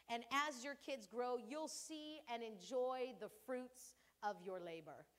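A woman in her fifties, speaking at a medium pitch, preaches a sermon. She tells family stories, laughing and calling out to the congregation.

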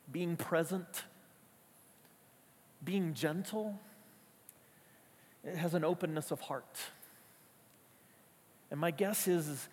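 A man's voice: high voice, breathy edge, big-room sound. A man preaching a sermon as a pastor, conversational and emphatic, telling stories and repeating key phrases. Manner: conversational, storytelling, emphatic repetitions.

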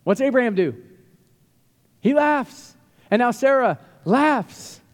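A man preaching a sermon as a pastor, animated and emphatic, with bursts of rising intensity. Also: high voice. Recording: long hall reverb.

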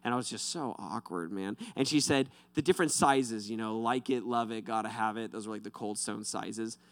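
A young man preaching, his voice bright and crisp. He tells animated, self-deprecating stories. The sound is dry and close. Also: lowish voice, moderate pace, dry recording. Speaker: pastor. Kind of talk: sermon with personal stories.

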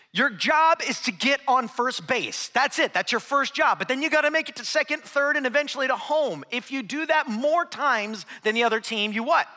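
A middle-aged man preaching a sermon, telling humorous stories and tossing asides to the congregation. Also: extremely high pitch. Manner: humorous, animated storytelling with crowd asides. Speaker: pastor. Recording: long reverb of a large hall.

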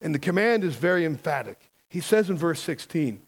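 A man's voice: fairly high pitch, big pitch swings, fast, gravelly, hardly any pauses. A man preaching a sermon as a pastor, emphatic and conversational, often asking the congregation questions.

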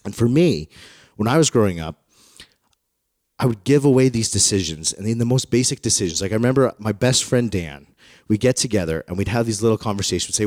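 A man in his thirties preaching a sermon through personal stories, in a conversational, self-deprecating manner that grows animated when he retells dialogue. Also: lowish voice, fairly quick, dry recording, studio quality. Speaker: pastor. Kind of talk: storytelling sermon.

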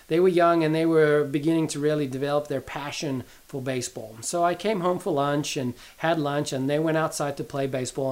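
A middle-aged man with a somewhat high voice delivers an earnest Bible teaching in the style of a sermon. He tells a family story, repeating key phrases to drive them home.

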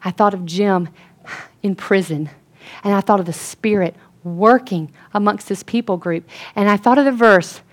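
A woman giving an earnest sermon-style testimony, telling a story and dropping to a hush for quoted lines. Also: mid-range voice, moderate pace. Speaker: speaker at a Christian gathering.

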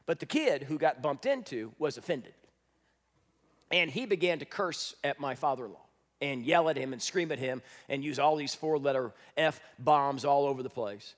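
A man preaching a sermon as pastor, emphatic and repetitive, building to loud declarations. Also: medium pitch, animated, normal speed, big-room sound.

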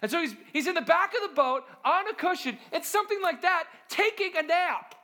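A man's voice: very high voice, expressive, fairly quick, sharp tone. A man preaching as a pastor in a conversational sermon, often asking the listeners rhetorical questions and acting out the voices he quotes. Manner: acts out quoted voices dramatically.

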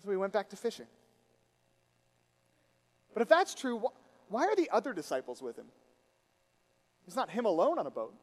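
Speaking at a moderate pace and leaving long pauses, a high-voiced male pastor tells stories with lively quoted voices during his sermon. His reflective moments bring a quiet, intimate tone.

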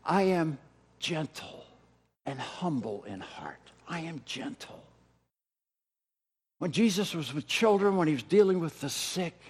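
A high-pitched man delivers a sermon with dramatic swings in volume, punching key words loudly and then dropping almost to a whisper. He mixes in self-deprecating humor and laughs at his own stories. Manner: dynamic delivery, swinging from loud emphatic peaks to soft near-whispers. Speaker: pastor.

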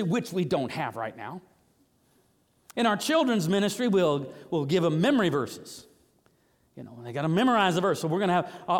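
A man preaching a sermon as pastor, animated and emphatic, with sudden rises in pitch on key words. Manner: animated preaching, rising to high emphatic bursts. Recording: long hall reverb.

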